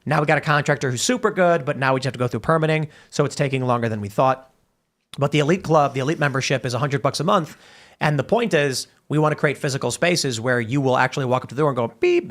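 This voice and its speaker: A man's voice: mid-range voice, fast, fairly bright tone. A man hosting a talk show, reading viewer messages aloud and rambling through a long story. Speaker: podcast host. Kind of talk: casual talk-show banter.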